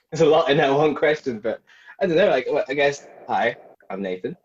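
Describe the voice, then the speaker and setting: A man's voice: mid-range voice, lively intonation, normal speed, slightly rough. Giggly man on a dull lo-fi line. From English Midlands. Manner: giggly, rambling reminiscing. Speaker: guest graphic designer. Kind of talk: casual podcast chat.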